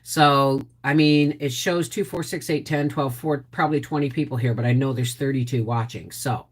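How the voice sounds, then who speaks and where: A woman's voice: rumbling low, steady tone, normal speed. An older woman hosting a casual livestream, chatting and greeting viewers by name. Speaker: homestead channel host.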